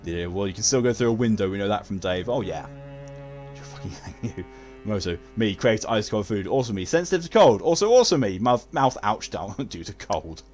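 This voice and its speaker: A man's voice: fairly low pitch, big pitch swings, fairly quick, a little mellow, soft background music. A man streaming a video game, chatting casually with his viewers, joking, swearing freely and laughing often. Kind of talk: casual gaming stream chat.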